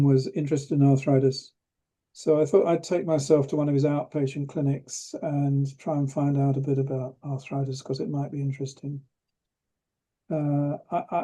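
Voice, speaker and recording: In a warm, slightly high voice, an older English man shares a reflective story during an interview. A retired professor of rheumatology, he's hesitant, makes many restarts, and has a dry wit.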